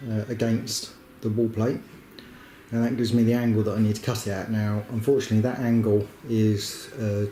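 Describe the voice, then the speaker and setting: A man's voice: fairly low pitch, warm tone. Practical man narrating a bathroom build. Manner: plain, practical, chatty with fillers. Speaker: woodworking vlogger. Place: house under renovation, indoors. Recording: echoey room with noise.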